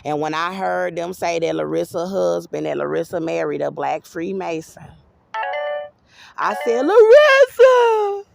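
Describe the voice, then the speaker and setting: A woman's voice: sits low, level tone, moderate pace, gravelly, hardly any pauses, music in the background. A woman giving an agitated, rambling personal monologue to camera, swearing freely. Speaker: vlogger.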